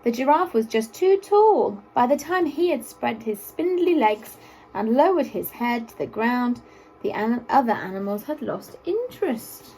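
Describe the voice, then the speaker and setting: A woman reading a children's story aloud in an expressive, sing-song way. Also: fairly high pitch, a little slow, low-quality recording.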